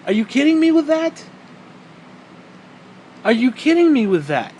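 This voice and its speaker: A man's voice: extremely high pitch, very animated, unhurried, pauses often, darkish tone, a little hiss or hum, poor audio. A man giving a heated, profane commentary rant on video, blunt and repeating his points for emphasis. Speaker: vlogger.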